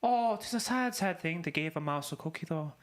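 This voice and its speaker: A man's voice: on the high side, lively intonation, extremely slow, darkish tone. A man playing a bossy mother reading a bedtime story, slipping into exaggerated put-on accents for improv comedy. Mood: motherly. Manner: switches between exaggerated accents.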